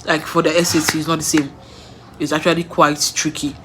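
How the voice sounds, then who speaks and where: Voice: mid-range voice, flat delivery, fairly quick, noisy background. A young adult with a Nigerian accent tells personal stories in a casual way, repeating words for emphasis and laughing between sentences. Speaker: vlogger.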